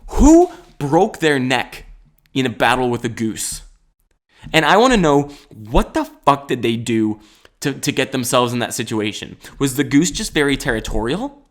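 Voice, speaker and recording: A man in his twenties talks alone on his podcast at an average pitch for a man. His delivery is loose and rambling, full of jokes, swearing and frequent laughs. He sounds like he is thinking out loud as he goes. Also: very animated, a little slow. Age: 20s. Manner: rambling and jokey, laughs often, swears casually. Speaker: podcast host. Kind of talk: solo comedic podcast monologue.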